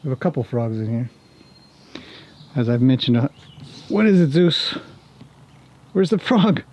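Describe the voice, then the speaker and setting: With a mid-range voice and big swings in pitch, a man vlogs outdoors while walking round a farm. The horse trainer chats casually to the camera and talks fondly to his animals. His pace is a little slow and his sound a little mellow.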